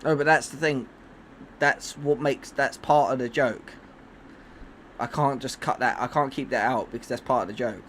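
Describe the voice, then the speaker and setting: A man's voice: medium pitch, moderate pace, fairly bright tone, slight background noise. A man streaming live, chatting casually and rambling with many restarts and fillers. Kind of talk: casual chat on a livestream.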